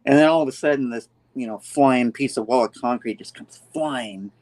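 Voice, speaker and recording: A man hosting a casual comic book review, retelling the story with animated storytelling. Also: medium pitch, normal speed. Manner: animated storytelling, acts out the panels. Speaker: podcast host.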